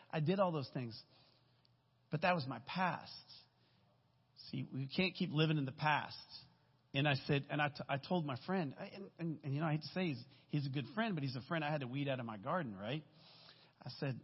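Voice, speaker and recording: A man's voice: on the high side, a little fast, husky. A man, a guest speaker, giving a candid, rambling testimony sermon in a church, often checking in with "right?". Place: church sanctuary. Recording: dull recording with long hall reverb.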